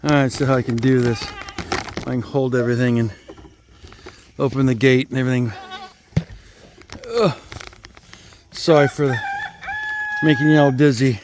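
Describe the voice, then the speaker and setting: A man's voice: medium pitch, fairly even intonation, moderate pace, long pauses, noisy background. A man doing a casual vlog while feeding his goats outdoors, talking to the camera in chatty asides and cooing at the animals in a sing-song. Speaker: homesteader. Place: outdoors at a goat pen.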